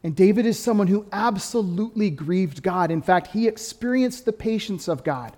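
A pastor preaching a sermon, lively and conversational, swinging between quick, louder stretches and soft, dropped emphasis. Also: male voice, sits high, in a large hall. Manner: animated preaching, rising and dropping to quiet emphasis.

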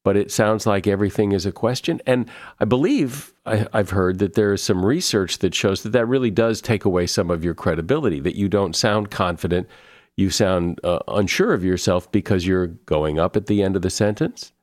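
Brief: measured male host, lowish voice, dry close sound. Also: a little mellow, dry recording. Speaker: podcast host. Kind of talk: interview conversation.

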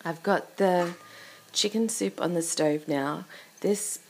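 Hoarse low-voiced woman with a cold. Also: slow pace. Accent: non-US English. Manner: soft, half-whispered, chatty. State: hoarse from getting sick. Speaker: podcast host. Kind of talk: casual chat while cooking.

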